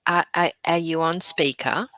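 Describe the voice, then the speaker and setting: A woman's voice: on the low side, steady tone, measured pace, a bit bright, dry recording, rough recording. A woman co-hosting a casual live chat over a remote call, agreeable, with short affirming replies. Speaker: co-host of a live morning chat.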